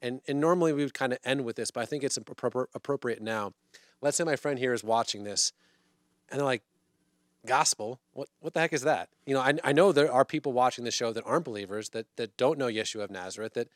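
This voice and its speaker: A man hosting an interview show, affirming his guest and talking haltingly, with many repeated words. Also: mid-range voice, dry recording, studio quality. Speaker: show host.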